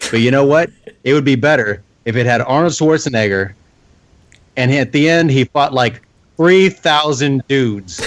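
A man's voice: medium pitch, no room sound. A man co-hosting a movie podcast, enthusiastic and emphatic in casual chat. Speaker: podcast co-host.

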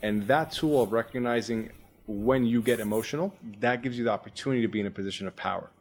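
A man coaching a guest on a podcast, talking fast and with energy. He explains ideas step by step and acts out his own inner thoughts. His voice sits at an ordinary middle pitch. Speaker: podcast host, performance coach. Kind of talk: coaching conversation.

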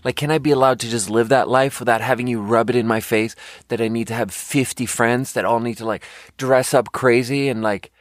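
A man's voice: mid-range voice, fairly even intonation, a little fast, no room sound. Exasperated ranting man, dry close sound. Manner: exasperated, profane, rambling with many "like" fillers. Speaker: podcast host. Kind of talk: casual rant.

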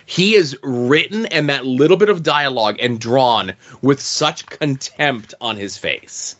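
A man's voice: mid-range voice, animated, slow pace. A man co-hosting a podcast, talking enthusiastically and analytically about a comic book. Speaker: podcast co-host. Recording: dull lo-fi recording.

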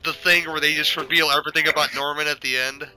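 A man's voice: fairly high pitch, steady tone, quick pace, sharp tone, smooth, low-quality recording. A man chatting casually on a movie commentary podcast, opinionated and profane, often stammering into restarts. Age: adult, older than childhood viewing years. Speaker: podcast host.

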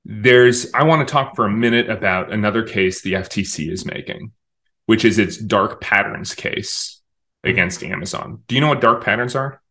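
A man's voice: fairly low pitch, moderate pace, bright, forceful tone. A man in an interview explaining his views in a talkative, emphatic way, often restarting his sentences. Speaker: interview guest, communications director. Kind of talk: conversational interview.

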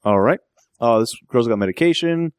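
A man's voice: mid-range voice, lively intonation, moderate pace, clean tone, no echo, studio quality. A man co-hosting a movie podcast, chiming in with wry asides. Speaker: podcast co-host. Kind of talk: casual movie review chat.

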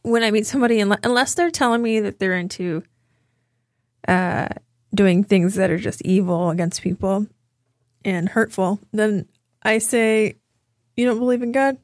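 A woman's voice: mid-range voice, normal speed, dry recording. Podcast co-host, woman, chatty storyteller, dry close sound. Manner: storytelling, acting out quoted exchanges. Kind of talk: casual chat.

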